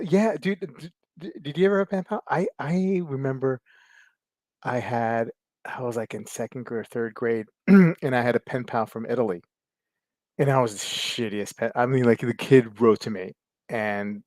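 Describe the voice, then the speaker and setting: A man hosting a casual livestream chat, rambling, laughing often, and filling pauses as he reads viewer comments. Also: mid-range voice, darkish tone, no echo. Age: adult with kids. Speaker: livestream host.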